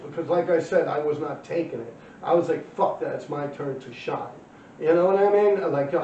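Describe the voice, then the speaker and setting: A man's voice: fairly high pitch, dark tone, a little hiss or hum. Swearing New man telling old stories. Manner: heavy swearing, slangy and blunt; loose and rambling, many fillers. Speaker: former graffiti writer telling his story. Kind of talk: casual storytelling monologue. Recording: dull, roomy, distant recording.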